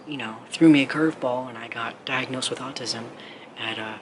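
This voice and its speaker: A man's voice: mid-range voice, fairly quick. A man talking straight to camera as a motivational speaker, earnest and rambling, with lots of 'like'. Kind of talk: casual direct-to-camera talk. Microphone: camera mic. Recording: clear steady background noise.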